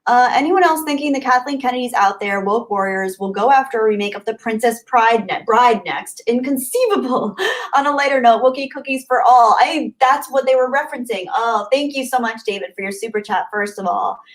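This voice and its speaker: A woman hosting a casual livestream, chatty and upbeat, thanking viewers by name and often trailing off softly. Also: a little high, a little fast, poor audio. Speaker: livestream host. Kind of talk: casual live chat reading comments.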